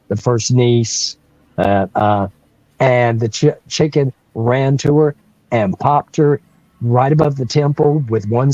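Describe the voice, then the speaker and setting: A man's voice: medium pitch, warm tone, lo-fi sound. A man, telling a story on a livestream in a rambling way, with restarts and chuckles. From North Carolina. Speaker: guest storyteller.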